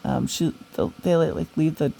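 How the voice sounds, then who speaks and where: A woman's voice: sits low, a little slow, vocal fry, warm tone, poor audio. A young woman telling a long, rambling story in a casual way, with many fillers, restarts and the odd swear word. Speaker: storyteller recounting a dream.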